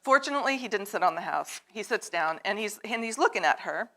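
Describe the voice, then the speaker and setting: A woman reading a picture book aloud to children at a church service, animated and drawing them in with questions. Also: mid-range voice, fast talker. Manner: animated, asks the children to join in. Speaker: storyteller at a children's time in worship. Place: church sanctuary.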